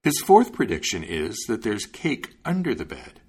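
A man voicing a crafty poor farmer in a fairy-tale reading, sly and deliberate. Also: lowish voice, huge pitch swings, a little mellow, husky, heavily acted.

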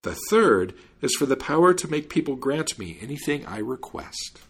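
A brash young servant with a mischievous, mocking way of talking, as a male storyteller plays him. His voice is lively and a little husky. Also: medium pitch, moderate pace, voice pushed up, heavily acted.

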